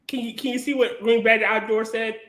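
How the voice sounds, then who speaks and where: High, bright, teasing man in an echoey room. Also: fairly even intonation, brisk. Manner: teasing, blunt. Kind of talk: casual podcast banter.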